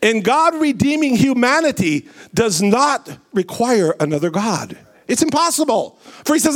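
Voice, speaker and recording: A man preaching a sermon and reading scripture aloud. His phrases are slow and drawn out, and his pitch swings widely. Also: big pitch swings.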